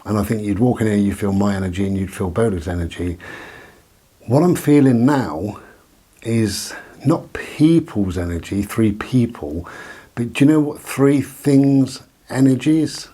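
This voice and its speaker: A man's voice: fairly low pitch, moderate pace, mellow. A man rambling at home about his new crystal in a hesitant, reflective monologue, with frequent ums. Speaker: vlogger. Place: living room of his bungalow.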